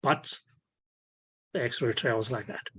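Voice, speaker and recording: A man teaching an online physics class, slowly and patiently, filling his speech with "okay" and making small grammar slips. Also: mid-range voice, a bit bright, slightly rough. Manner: repeats "okay" as filler, non-native grammar slips. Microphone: video call.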